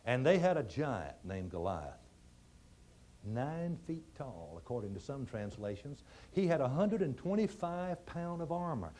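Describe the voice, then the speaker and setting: A man giving a motivational speech, telling stories in a folksy, dramatic way that swings between quiet and emphatic. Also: fairly high pitch. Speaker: motivational speaker.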